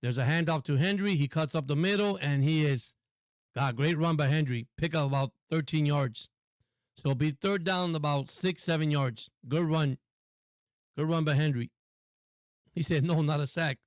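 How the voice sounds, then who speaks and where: A man's voice: fairly high pitch, normal speed, dry recording, clean studio sound. Chatty man calling football live. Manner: chatty, laughs often, talks to viewers. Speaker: sports stream host. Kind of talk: casual live play-by-play commentary.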